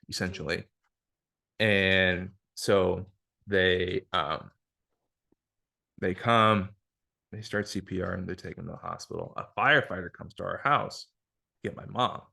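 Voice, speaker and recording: Low, creaky and sharp-toned, a man hosting a podcast tells a personal story casually and bluntly, cursing a lot and leaning on filler words. He and his guest are in an indoor room using a single shared mic.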